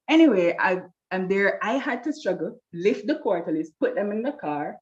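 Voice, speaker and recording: A woman telling a lively personal story, acting out the voices of people she quotes, with a slightly dull recording. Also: mid-range voice, normal speed. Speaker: guest telling her love story. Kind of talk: animated storytelling.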